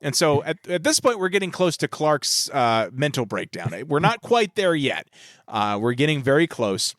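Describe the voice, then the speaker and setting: A man co-hosting a podcast in casual chat, retelling scenes with animated energy. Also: on the high side, normal speed, no room sound, clean studio sound. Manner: animated retelling, acts out movie lines. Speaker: podcast co-host.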